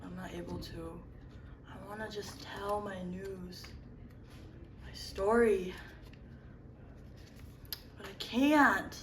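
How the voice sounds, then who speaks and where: A woman's voice: medium pitch, a little hiss or hum, natural voice. A woman doing a sighing would-be advertiser. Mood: mopey. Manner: sighing, dramatic, slow and drawn out. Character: woman longing to advertise a flag. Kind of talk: comedic fake ad skit. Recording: echoey, distant, faint ambience.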